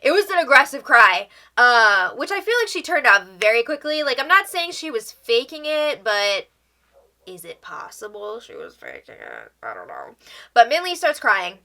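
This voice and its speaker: Bright-voiced woman recapping a reality show. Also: on the high side, wildly swooping pitch, moderate pace, gravelly. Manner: chatty, opinionated asides. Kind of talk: casual recap commentary.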